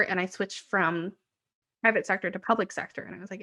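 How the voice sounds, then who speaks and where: A woman's voice: mid-range voice, fairly even intonation, brisk, pushed and bright. A woman in her twenties, co-hosting a podcast, telling rambling stories in casual chat with frequent "like". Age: 20s. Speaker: podcast co-host.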